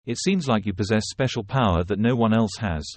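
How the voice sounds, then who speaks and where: A man's voice: lowish voice, a little fast, no echo, lightly acted. A man voicing an earnest, worried male general who is grateful to his savior, in a storybook recap.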